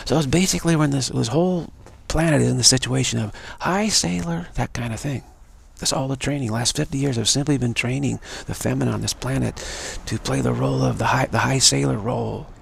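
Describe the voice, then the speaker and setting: A man's voice: medium pitch, fairly quick, gravelly, breathy edge. A man giving an emphatic, repetitive live-streamed monologue, warning his listeners again and again. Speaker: speaker of a live-streamed show.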